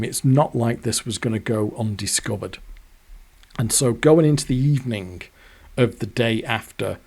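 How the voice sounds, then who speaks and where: A man's voice: medium pitch, moderate pace, creaky, darkish tone, slightly rough. A man, telling a rambling, sweary personal story. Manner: rambling, sweary, self-deprecating. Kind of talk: casual storytelling monologue.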